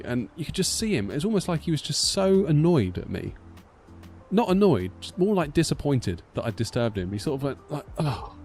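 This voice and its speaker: A man in his thirties with a British accent, telling stories in a casual live-stream chat and acting out the voices in them. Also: medium pitch. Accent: British English. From United Kingdom. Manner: rambling storyteller, animated, acts out quotes. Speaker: flight sim streamer.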